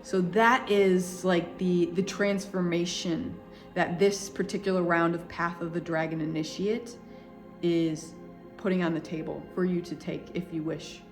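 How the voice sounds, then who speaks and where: A woman's voice: on the low side, steady tone, measured pace, faint music behind. Effusive woman spiritual coach. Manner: effusive and heartfelt, loose with filler words. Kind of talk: casual spiritual monologue.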